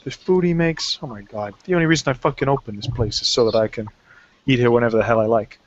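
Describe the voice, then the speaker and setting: A man's voice: mid-range voice, quick pace, highs cut off, slight background noise, natural voice. A man voicing a brash male mob boss who swears bluntly. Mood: gruff.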